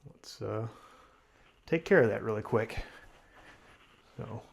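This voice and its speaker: A man giving a relaxed hands-on install walkthrough, talking as he works with frequent fillers. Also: on the low side, slow, creaky, a little hiss or hum. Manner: relaxed, talks while working, frequent fillers. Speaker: DIY installer.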